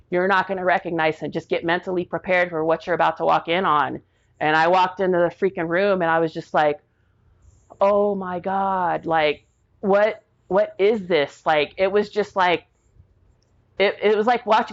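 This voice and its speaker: A middle-aged woman telling a personal story as a podcast guest, animated, with many "like" fillers and acted-out quotes. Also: lowish voice. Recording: dull lo-fi audio.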